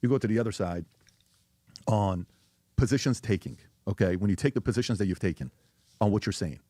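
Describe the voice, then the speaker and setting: A man's voice: lowish voice, brisk, mellow, no room sound. A man talking in an interview, arguing emphatically and firing off rhetorical questions. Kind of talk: interview conversation.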